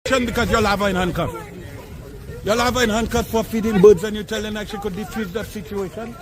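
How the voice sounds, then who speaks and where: A man in the street, exasperated and protesting loudly at police as the scene is filmed. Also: high voice, steady tone, fairly quick. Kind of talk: heated street argument. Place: outdoors on a street. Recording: crowd around him in the street.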